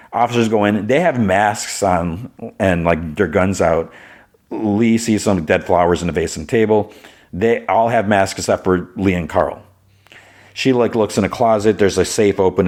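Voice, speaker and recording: A man hosting a podcast, recapping a TV episode in a chatty way, full of "like" and "you know.". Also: sits low. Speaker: podcast host.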